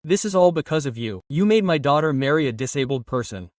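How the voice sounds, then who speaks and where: A man's voice: on the high side, expressive, a little fast, dry recording, studio quality, recorded from a distance, natural voice. A man voicing a protective, hot-tempered middle-aged mother in a drama recap, in an emotional tone. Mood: upset.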